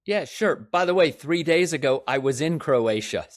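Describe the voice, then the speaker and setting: A man's voice: a little high, expressive, normal speed, no echo, studio quality. A man speaking as a podcast guest, earnest and explaining, often checking in with "right?". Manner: earnest, frequent "right?" tag questions. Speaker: podcast guest, real estate developer. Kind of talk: conversational interview.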